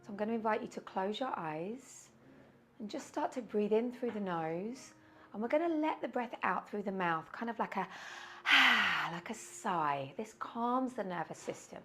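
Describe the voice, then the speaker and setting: A woman teaching a yoga class over a video call, guiding slow breathing in a soothing way with audible sighs. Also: medium pitch, lively intonation, a little hiss or hum. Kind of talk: guided yoga class instruction. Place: indoors, windy weather outside.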